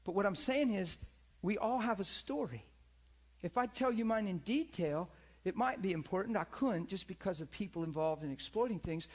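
A middle-aged male pastor preaching a sermon, swinging from loud calls to hushed, near-whispered lines. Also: high-pitched, expressive, moderate pace, slightly rough.

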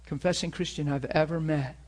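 A pastor preaching a sermon and telling personal stories in an earnest way, sometimes dropping soft and sometimes rising loud. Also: male voice, on the high side, fairly even intonation, fairly quick. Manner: earnest storytelling, swings from soft confessional to loud emphatic.

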